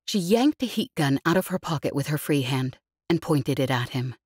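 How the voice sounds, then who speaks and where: A woman reading an audiobook in a steady, even storytelling manner. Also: low-pitched, moderate pace, husky, dry recording, clean studio sound. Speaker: audiobook narrator. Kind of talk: scripted narration.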